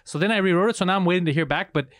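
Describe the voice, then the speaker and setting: A man co-hosting a podcast in rapid, profane bursts, acting out little quotes as he tells a story. His voice sits a little high and moves quickly. The close mic sounds dry. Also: a bit bright, no echo. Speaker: podcast co-host. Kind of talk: casual podcast chat.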